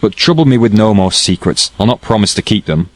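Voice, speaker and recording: A man's voice: fairly low pitch, expressive, fairly quick, no echo. A man reading as a stern, blunt housekeeper. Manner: reproving, blunt. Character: stern, practical older woman servant. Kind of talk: audiobook character reading.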